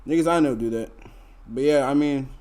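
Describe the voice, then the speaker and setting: A man's voice: medium pitch, fairly quick, a little mellow. A young man, telling a story to his live chat in a laid-back, slangy, rambling way full of fillers. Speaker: streamer.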